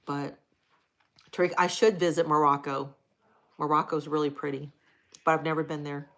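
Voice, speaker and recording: Middle-aged woman, livestream host, low-ish voice, blunt, casual and profane. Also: flat delivery, moderate pace, fairly bright tone. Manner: frank and profane, chatty. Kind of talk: casual live chat reading viewer comments.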